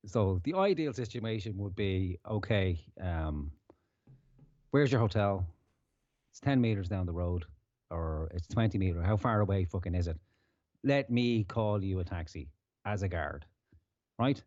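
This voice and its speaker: A man's voice: low voice, expressive, measured pace, a little mellow, no echo, highs cut off. A man hosting a podcast, giving a casual, profane, ranting commentary full of swearing. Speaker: podcast host.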